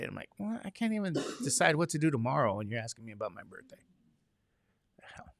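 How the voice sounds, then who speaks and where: Gravelly chatty man teaching. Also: medium pitch, big pitch swings, quick pace, background noise. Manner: chatty, joking storyteller, acts out quoted voices. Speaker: statistics instructor. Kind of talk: casual chat with a class.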